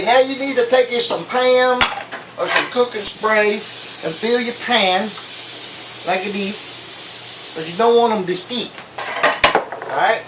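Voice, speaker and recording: A high-pitched man hosts his own cooking show, rambling cheerfully and tossing in jokes between steps. He is picked up from across the room in an echoey home kitchen. Pans, dishes and cutlery clatter clearly behind him. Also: a bit bright, far from the mic, slight background noise. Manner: rambling and jokey, with many fillers and asides. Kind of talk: casual comedic cooking demo. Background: clinking dishes, pots and cutlery.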